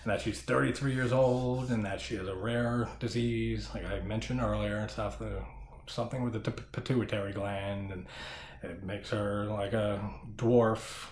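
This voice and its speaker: A man's voice: on the low side, steady tone, moderate pace, echoey room, slight background noise. Laughing, swearing movie reviewer guy. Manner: laughs often, swears casually, rambling.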